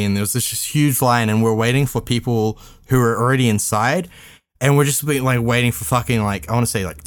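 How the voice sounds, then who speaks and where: A man's voice: mid-range voice, smooth. Rambling young man telling a story. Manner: rambling, halting, many fillers and restarts. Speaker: podcast regular. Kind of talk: casual storytelling among friends.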